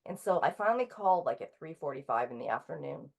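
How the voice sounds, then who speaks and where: A woman in her thirties, a guest author talking casually in an interview, halting with frequent ums and restarts. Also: sits low, expressive, creaky, darkish tone.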